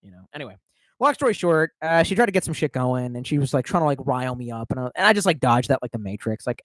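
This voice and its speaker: Young man, streamer, rambling profane storytelling, lively swooping pitch, dry close sound. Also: fast, dry recording. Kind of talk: casual storytelling monologue.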